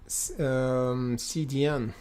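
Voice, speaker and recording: Unhurried man doing live trading commentary. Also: mid-range voice, steady tone, a little mellow, clean tone. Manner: thinks aloud, with fillers and repeated phrases; addresses viewers as guys and brother. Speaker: day-trading livestream host.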